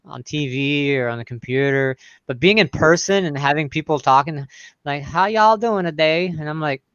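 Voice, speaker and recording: Excitable woman chatting on a stream. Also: low-pitched, moderate pace, clear, resonant tone, no echo, dull audio. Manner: excitable, imitates accents, many restarts. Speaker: livestream co-host. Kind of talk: casual group chat.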